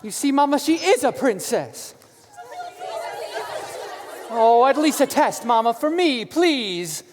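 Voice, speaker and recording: A woman's voice: high voice, lively intonation, slow, long pauses, a crowd in the background, background noise. A woman playing an earnest, lovestruck young prince in a live stage musical, pleading and eager. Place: theater stage. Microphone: far camera.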